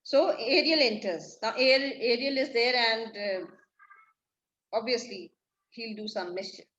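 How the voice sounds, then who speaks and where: A woman's voice: a little high, measured pace, fairly bright tone, dull audio. A woman teacher explaining a play line by line, paraphrasing each line and asking and answering her own questions. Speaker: English literature teacher. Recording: echoey room.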